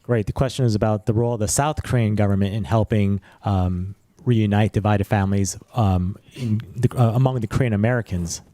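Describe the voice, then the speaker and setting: A man's voice: lowish voice, brisk, few pauses, dark tone, dry recording. A man moderating a panel, organized and direct, with frequent fillers.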